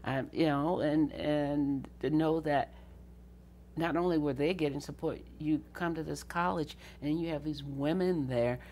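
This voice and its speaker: An older woman from the Southern United States tells stories from her youth in an interview. Her low voice has a gravelly edge, and she laughs often and acts out the voices of people she quotes. A faint hum sits behind her. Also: a little slow, a little mellow. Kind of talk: storytelling interview.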